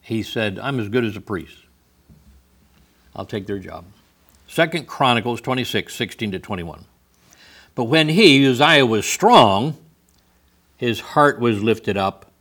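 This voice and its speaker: Man, preacher, sermon, bright tone, wry asides, swings from loud to hushed. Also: mid-range voice. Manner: reads scripture aloud in old-fashioned wording, then comments with wry humor.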